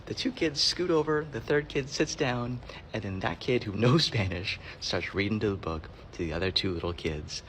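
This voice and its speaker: A man's voice: lowish voice, moderate pace, a bit bright, slight background noise. A man working as a librarian, telling heartfelt stories in an earnest monologue that sometimes drops to a whisper. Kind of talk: storytelling monologue.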